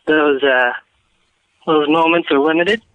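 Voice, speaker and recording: A man's voice: on the high side, steady tone, a little slow, dry recording, narrow, tinny audio. A male caller chatting casually over the phone in a laid-back, joking way.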